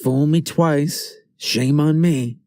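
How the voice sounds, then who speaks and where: A man narrating a first-person story in a measured, tense way. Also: a little high, warm tone, no room sound.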